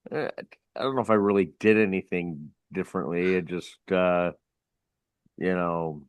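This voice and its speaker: A man with a lowish voice recounts karaoke gigs in a relaxed, meandering way, full of fillers. The sound is dry and close. He is co-hosting a casual talk show. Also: moderate pace, no room sound. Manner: laid-back, rambling with fillers. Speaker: karaoke DJ co-host. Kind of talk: casual storytelling.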